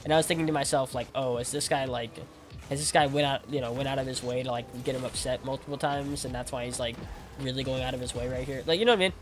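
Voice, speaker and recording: A man's voice: mid-range voice, fairly even intonation, quick pace, noisy background. A young man talking casually to his stream chat while gaming, rambling with lots of "like" and repeated words. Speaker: game streamer.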